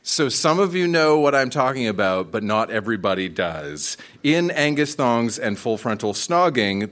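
A male host speaks to a live audience and asks them questions as he sets up the next reader. His pitch moves in a lively way. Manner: chatty, questioning the crowd. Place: live venue on stage.

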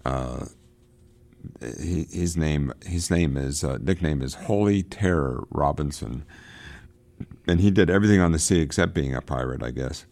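Super deep voiced guy reading a book out loud for his class, slow and emphatic, then rambling about it with lots of uhs. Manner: halting, many fillers and restarts in his own comments; reads passages slowly and with emphasis. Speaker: literature teacher reading and discussing a novel. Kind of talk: reading aloud and commenting on a book.

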